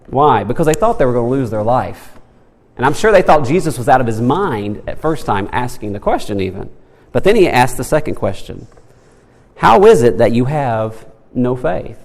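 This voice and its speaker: Male Sunday school teacher, animated pitch swings, church hall reverb. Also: fairly quick. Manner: animated, asks the class questions, acts out quotes. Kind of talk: Bible lesson to a church class. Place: church room.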